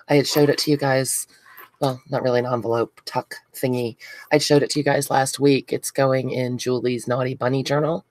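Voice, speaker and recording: A congested woman runs a casual crafting livestream, greeting viewers by name and gushing excitedly over what she unboxes. Her voice is bass-deep, and the recording is dry.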